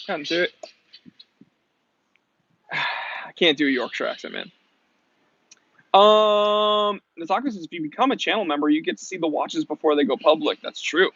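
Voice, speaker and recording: A man's voice: fairly high pitch, fairly bright tone, lo-fi sound, slight background noise. A young adult man hosting a casual live stream, reading out viewer comments in an upbeat, chatty way. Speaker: host.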